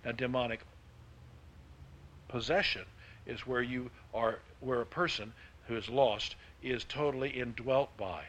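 A man preaching a sermon, with emphatic delivery that swings between hushed and loud. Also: mid-range voice, a little slow, pauses often. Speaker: pastor.

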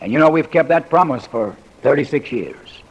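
Older male pastor, sixties, folksy sermon delivery with jokes and pauses, husky, long reverb. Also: medium pitch, very animated. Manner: folksy humorous preaching with dramatic pauses. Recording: reverberant hall recording.

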